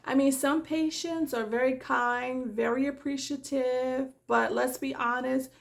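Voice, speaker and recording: A woman's voice: sits high, fairly even intonation, unhurried, gravelly. A woman who works as a nurse, talking in a casual vlog, exasperated and emphatic.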